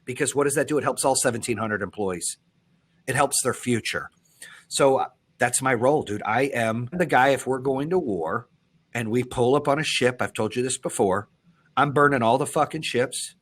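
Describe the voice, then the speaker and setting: A man hosting a podcast, talking bluntly and with profanity, swinging between loud pushes and low, quiet stretches. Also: moderate pace, breathy edge. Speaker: podcast host. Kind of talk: intense motivational podcast talk.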